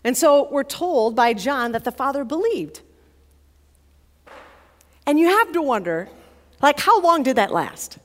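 A woman college chaplain preaching in a chatty, vivid storytelling way. Her voice sits a little high. Long reverb hangs after her words, as in a large chapel. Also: sing-song, measured pace, pauses often, fairly bright tone. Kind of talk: sermon.

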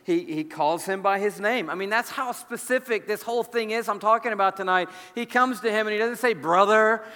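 A man preaching a sermon as pastor, emphatic, swinging from loud exclamations to hushed near-whispers. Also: high-pitched, fairly quick, big-room sound.

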